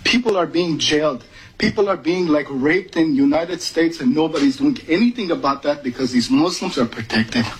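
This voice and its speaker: A man's voice: on the high side, normal speed, low-quality recording. A man from Iran giving urgent, emotional public testimony at a podium microphone. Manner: urgent, emotional, rising to pleading. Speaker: public commenter at a meeting.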